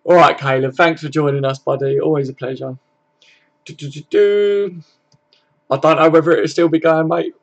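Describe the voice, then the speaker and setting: Young male fan-stream host, slightly high, gravelly voice, relaxed and sweary. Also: fast talker, hardly any pauses, highs cut off. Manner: laid-back, swears freely, chuckles often. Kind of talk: casual live-stream chat, reading comments aloud.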